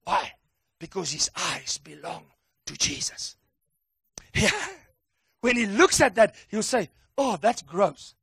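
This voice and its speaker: A man preaching a sermon with emphatic call-and-response delivery that builds to excited shouts. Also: sits high, slow, creaky, pauses often, slightly rough, dry recording, clean studio sound.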